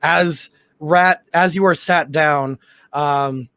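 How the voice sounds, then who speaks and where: A man's voice: fairly high pitch, steady tone, takes it slowly, bright, forceful tone, smooth, dry recording. A man running a tabletop game as dungeon master, narrating with many stumbles and restarts.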